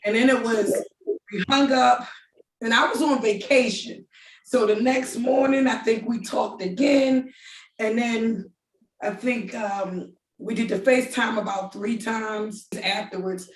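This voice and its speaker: A middle-aged woman telling her story in a casual, animated way, often laughing and acting out what people said. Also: on the high side, a little slow, reverberant, distant mic, a little hiss or hum. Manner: animated, laughing, quoting others in voices.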